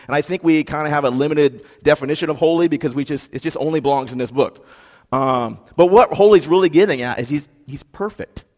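A man preaching a sermon in a relaxed, conversational way, with fillers and emphatic repetition. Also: a little high. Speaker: pastor. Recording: long hall reverb.

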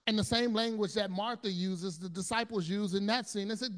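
A man preaching a sermon in an earnest storytelling manner, often repeating words and restarting his sentences, moving between hushed low passages and loud, intense ones. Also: fairly even intonation, a little fast, hardly any pauses. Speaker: pastor.

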